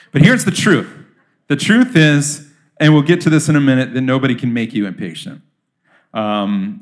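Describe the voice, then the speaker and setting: A man giving a sermon in a church as a pastor, talking conversationally and asking the audience questions. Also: medium pitch.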